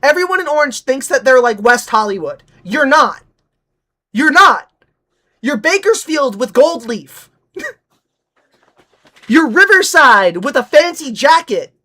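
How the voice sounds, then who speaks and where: A young woman streamer from Nevada chats casually and rants, swearing freely as she mocks. Her voice sits high and carries a bright, sharp edge. She talks in a loose, joking stream style. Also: sing-song, measured pace. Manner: profane, ranting, mocking.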